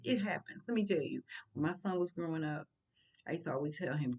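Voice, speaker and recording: A woman's voice: deep voice, lively intonation, brisk, a little mellow, breathy edge. Blunt, preachy older woman commentator. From St. Louis. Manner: preachy and blunt, with rhetorical questions. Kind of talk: casual spoken commentary.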